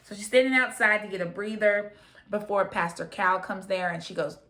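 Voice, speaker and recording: Bright-voiced chatty woman recapping TV. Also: medium pitch, brisk. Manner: chatty, opinionated, quotes people in her own voice. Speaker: recap vlogger. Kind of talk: casual reality TV recap.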